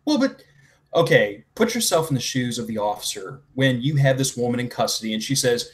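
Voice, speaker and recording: A man's voice: medium pitch, expressive, a little fast. Blunt man with crude humor. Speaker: podcast guest. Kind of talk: casual chat.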